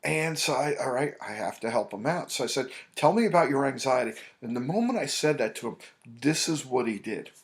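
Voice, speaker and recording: Gravelly man giving rambling advice. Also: medium pitch, expressive, brisk. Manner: loose, rambling with many fillers and restarts. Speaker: anxiety coach. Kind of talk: casual advice monologue. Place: New York City.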